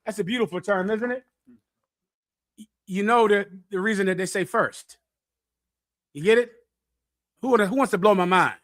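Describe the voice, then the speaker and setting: A middle-aged man preaching bluntly to young listeners, lecturing and swinging between loud and hushed delivery. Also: high voice, normal speed, pauses often. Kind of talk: street sermon with audience questions.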